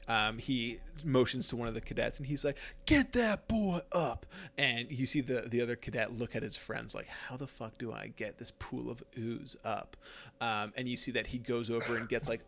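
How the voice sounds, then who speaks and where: A man's voice: medium pitch, vocal fry, bright, forceful tone. A man narrating as game master of a tabletop game, rambling with fillers and laughs.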